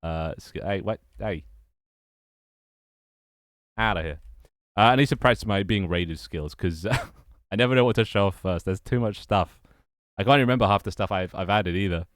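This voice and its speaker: A man's voice: fairly low pitch, moderate pace, pauses often, no echo, clean studio sound. A young man chatting casually on a livestream, rambling and repeating his phrases as he greets viewers. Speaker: streamer and game developer.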